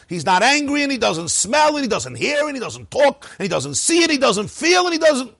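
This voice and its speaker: A man teaching a lively Torah class, asking rhetorical questions and chuckling at his own points. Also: very high voice, brisk, gravelly, few pauses.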